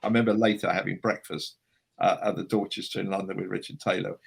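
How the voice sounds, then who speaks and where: A man who is a writer, a guest in an interview, telling anecdotes in a chatty, animated and self-deprecating way. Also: low voice, fast, gravelly, slightly rough. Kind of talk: anecdotal storytelling.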